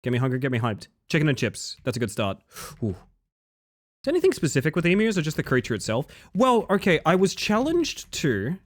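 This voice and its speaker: A man's voice: fairly high pitch, huge pitch swings, a little fast, no room sound, studio quality. A young Australian man streaming live, rambling and joking with his chat and swearing freely.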